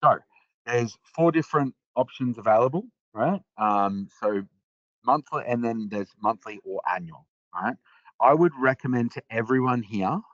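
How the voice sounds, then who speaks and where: A man presenting a live software demo on a webinar, talking casually with lots of fillers and restarts. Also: medium pitch, moderate pace, no echo, highs cut off.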